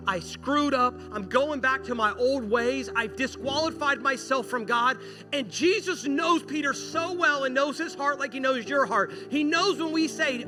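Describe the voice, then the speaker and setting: A man preaching a sermon, telling a story with animated, acted-out dialogue. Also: extremely high pitch. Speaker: pastor. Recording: music playing behind.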